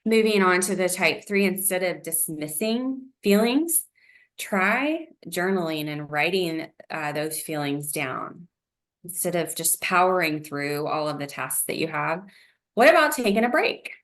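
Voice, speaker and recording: A woman presenting a wellness lesson in a gentle, encouraging way, with frequent "um"s. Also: fairly low pitch, animated, measured pace. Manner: gentle, encouraging, uses fillers like um.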